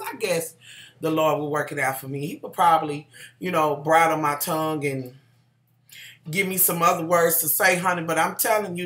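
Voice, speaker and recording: A woman's voice: lowish voice, bright, forceful tone. A middle-aged woman, reviewing a TV show in sassy, salty casual chat and calling her viewers honey. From Kentucky, USA. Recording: roomy echo.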